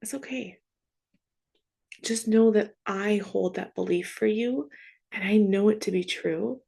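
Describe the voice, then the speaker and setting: A woman working as a Catholic grief coach, speaking in an earnest, gentle way, often asking "right?". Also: mid-range voice, fairly even intonation, unhurried, creaky, slightly rough. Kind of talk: heartfelt faith monologue.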